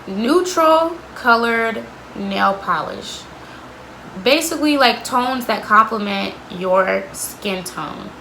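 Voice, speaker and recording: A woman's voice: mid-range voice, pushed and bright, slight background noise, poor audio. A young woman vlogger telling a candid storytime about an old job, blunt and sweary, with lots of "like.". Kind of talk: storytime vlog.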